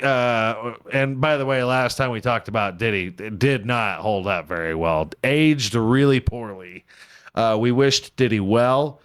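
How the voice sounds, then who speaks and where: A man's voice: medium pitch, fairly bright tone, clean tone. A man hosting a casual comedy podcast, irreverent and sarcastic, swearing freely, laughing at his own jokes and slipping into a mock ad-read delivery. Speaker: podcast host.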